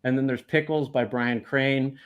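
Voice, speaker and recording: A male cartoonist chatting casually from his art studio over a webcam video call, animated and self-deprecating. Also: medium pitch, moderate pace, smooth. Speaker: guest cartoonist. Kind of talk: casual chat.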